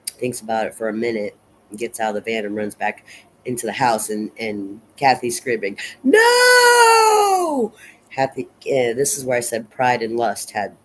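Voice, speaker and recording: A man at an ordinary pitch talks through a horror film's ending in a loose, rambling way, stumbling over restarts and filling gaps with "uh". His speech is casual and unpolished, with some offhand swearing. A faint hiss sits under the recording. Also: a little mellow, poor audio. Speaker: film reviewer. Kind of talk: casual movie recap and analysis.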